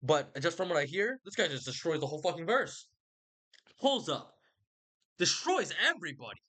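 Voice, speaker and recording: A man's voice: on the high side, very animated, moderate pace, pushed and bright. A young man rambling casually about a book he read, slangy and profane. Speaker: host.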